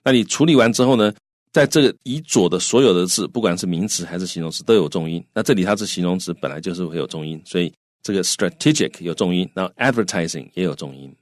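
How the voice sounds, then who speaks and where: A man's voice: low voice, quick pace, no echo, clean studio sound. A man co-hosting a radio English lesson, recapping each point in Mandarin for the listeners. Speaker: co-host.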